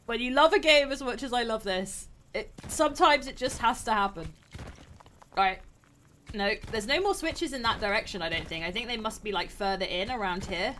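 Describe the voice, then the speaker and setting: A young adult woman hosting a live game stream, commentating excitedly and laughing often. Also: on the high side, normal speed, slight background noise. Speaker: streamer host.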